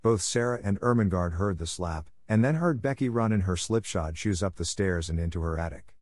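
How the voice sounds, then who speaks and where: A man narrating a classic children's novel in a steady, measured reading voice. His tone is low and even, and the recording is dry and close with no room sound. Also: no echo. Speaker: audiobook narrator.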